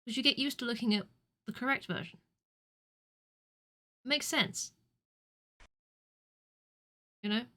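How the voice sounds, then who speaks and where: A woman streamer chatting casually over a game, self-mocking and prone to sudden loud shouting. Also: fairly high pitch, normal speed. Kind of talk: casual gameplay commentary. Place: home.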